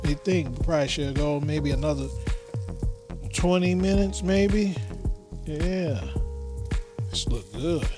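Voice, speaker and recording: A man, chatting excitedly to viewers while barbecuing wings outdoors in the cold. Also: a little high, slow, pauses often, over music. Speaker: home barbecue cook. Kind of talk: casual cooking vlog. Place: outdoors by a smoker in winter.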